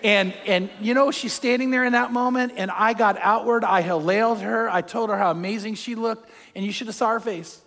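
High-voiced older male pastor preaching. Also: brisk, vocal fry, few pauses. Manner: animated storytelling, acts out quotes. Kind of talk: sermon. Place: church hall with long reverb. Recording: reverberant hall.

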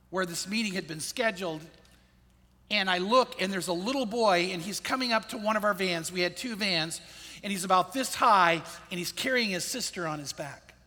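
A middle-aged man, a pastor, telling a personal story in an earnest, reflective way, often dropping his voice low and soft at the sad parts. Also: long reverb tail.

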